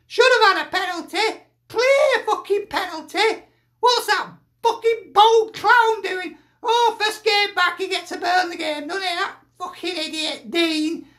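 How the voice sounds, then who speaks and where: A man's voice: very high-pitched, sharp tone, full character voice. A man voicing a sweary, exasperated older northern aunty, a football fan with a Lancashire accent, ranting and sighing in a comic video. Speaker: football pundit persona.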